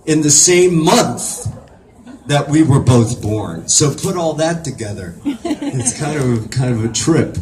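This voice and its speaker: A man from Virginia speaks as a convention panel guest at a middle, unremarkable pitch. He tells his stories with animation and slips into the voices of the people he quotes. A faint hiss sits under his voice. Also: slow. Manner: animated, acts out the lines of others in the story. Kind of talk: storytelling on a fan convention panel.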